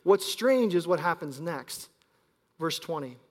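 A man in his thirties preaching a sermon as pastor, telling stories and swinging between loud emphasis and quiet asides. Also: a little high, expressive, a little slow. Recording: long hall reverb.

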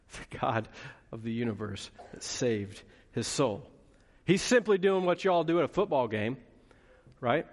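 A man preaching a sermon as pastor, lively and playful, with asides to the congregation. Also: medium pitch, unhurried, long pauses, in a large hall. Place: church hall.

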